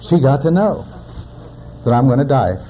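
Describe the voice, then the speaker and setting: A man's voice: mid-range voice, expressive, normal speed, lo-fi sound. A man in his forties, a recovering alcoholic, giving a personal testimony in a plainspoken storytelling manner with wry humor. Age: 40s.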